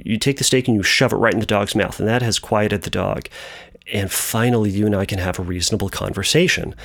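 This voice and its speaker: Animated man telling a teaching story. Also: mid-range voice. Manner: animated, repetitive and playful. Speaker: speaker explaining anxiety. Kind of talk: storytelling metaphor lesson.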